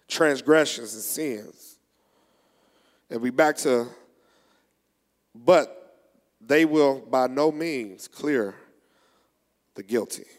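A male preacher delivering a sermon, reading scripture slowly and preaching with rising fervor. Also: mid-range voice. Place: church. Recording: long echo of a large hall.

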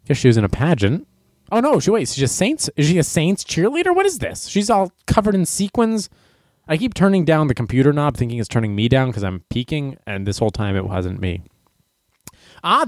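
A man's voice: high-pitched, dry recording, clean studio sound. A man hosting a comedic news commentary show, ranting sarcastically and getting worked up.

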